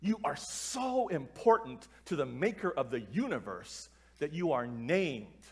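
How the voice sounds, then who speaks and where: Animated high-voiced man telling a story. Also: unhurried, breathy edge. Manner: animated, acts out voices in his stories, breaks into tearful laughter. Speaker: keynote speaker. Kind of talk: storytelling talk at a church gathering.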